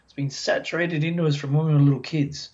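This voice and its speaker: A man, a dog behaviour expert, explaining as a podcast guest in a chatty, animated way and acting out the voices of dog owners. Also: a little high, quick pace. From Australia. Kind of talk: casual podcast interview. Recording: dull lo-fi sound.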